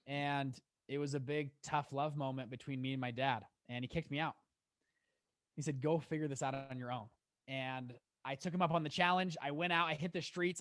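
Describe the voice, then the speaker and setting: A young man in his twenties, a guest on a podcast, telling his story in a lively way with many restarts. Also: on the high side, no room sound, studio quality. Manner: animated, quick storyteller with laughs and restarts. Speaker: guest, fund manager. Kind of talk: casual storytelling in an interview.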